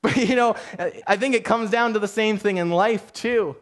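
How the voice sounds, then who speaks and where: High-voiced Canadian pastor, chatty sermon. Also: male voice, moderate pace. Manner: conversational, self-deprecating, frequent restarts.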